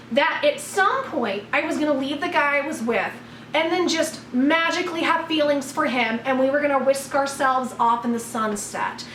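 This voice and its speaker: A woman vlogger telling a personal story in a blunt, expressive way, swearing freely. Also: very high-pitched, distant mic. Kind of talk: casual storytelling to camera. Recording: roomy echo, voice from off the mic, faint room noise.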